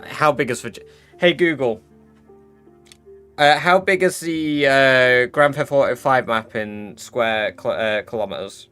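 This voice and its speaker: A man's voice: medium pitch, unhurried, pushed and bright, smooth, faint music behind. A British man on a live game stream, rambling and thinking aloud in casual chat, swearing now and then.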